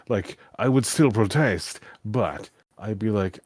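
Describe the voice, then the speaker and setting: A man hosting a casual chat, with a big voice, telling lively stories and acting out the people in them. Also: lowish voice, measured pace, few pauses, slightly rough, dry recording. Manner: animated storytelling, acts out quoted people. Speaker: host.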